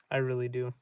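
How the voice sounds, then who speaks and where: A man's voice: medium pitch, darkish tone, clean tone, no echo. A man hosting a livestream, rambling in a gloomy, profane way while reading and answering chat. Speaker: livestream host.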